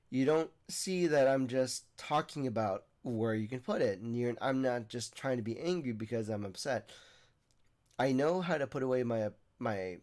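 This young podcast host has a medium-pitched, darkish voice. His casual monologue is earnest and meandering, full of restarted sentences.

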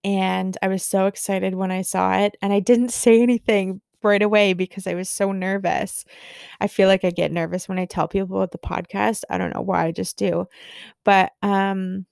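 A young woman hosting a podcast, telling a story in a gushing, excitable way with lots of fillers. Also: medium pitch, moderate pace, creaky, clear, resonant tone, dry recording, clean studio sound. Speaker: podcast host. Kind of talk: casual storytelling monologue.

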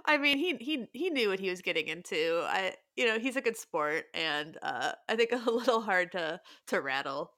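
Podcast host, woman in her thirties, bright tense tone, dry close sound, chatty with laughs. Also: mid-range voice, expressive, no echo. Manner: laughing, chatty, quick asides. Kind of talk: casual chat.

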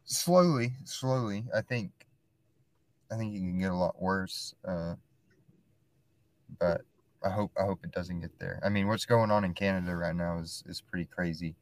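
Low-voiced guy on a podcast, keeps restarting, lots of um and like. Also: no echo. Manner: halting, searches for words, many fillers. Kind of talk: casual podcast chat.

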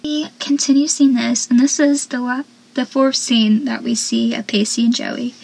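A young woman chatting casually as she recaps a TV episode, animated and laughing often. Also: on the high side, moderate pace, creaky, slightly rough.

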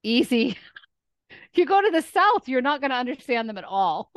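A woman from the Northeast, a teacher chatting as an interview guest, lively and quick with frequent laughs. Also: high-pitched, no room sound. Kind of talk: casual interview chat.

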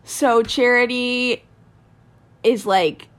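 A woman co-hosting a casual recap podcast, retelling scenes and acting out the quotes in a hushed voice. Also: a little high, very slow, clear, resonant tone. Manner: animated retelling, acts out quotes, drops to a hush. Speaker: podcast co-host.

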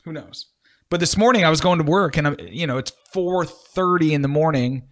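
A man's voice: fairly high pitch, lively intonation, fairly quick, fairly bright tone. Laid-back male podcast co-host. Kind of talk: casual chat.

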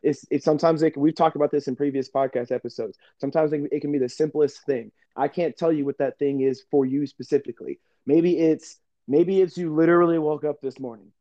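A man hosting a casual podcast chat, talking in an animated way, laughing often and acting out remembered conversations. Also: fairly high pitch, brisk, hardly any pauses, no room sound, lo-fi sound. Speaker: podcast host.

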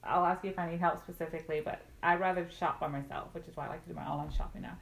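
Mid-pitched woman, emphatic casual talker, echoey room. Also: steady tone, racing, vocal fry. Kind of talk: casual travel chat.

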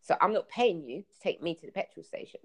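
Brief: woman, storytelling guest on a call-in podcast, animated, plays out dialogue. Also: lowish voice, fast talker, husky. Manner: animated storyteller, acts out quotes. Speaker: guest telling travel stories. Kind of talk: casual podcast chat.

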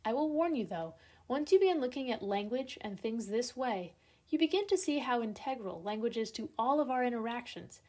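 A woman giving a prepared talk, calmly addressing the listener. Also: on the high side. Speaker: speaker.

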